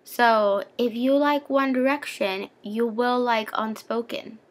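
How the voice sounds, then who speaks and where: A woman's voice: on the high side, steady tone, slow pace. A young woman chatting casually in a book vlog, gushing and playful as she recommends a favorite novel. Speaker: book vlogger.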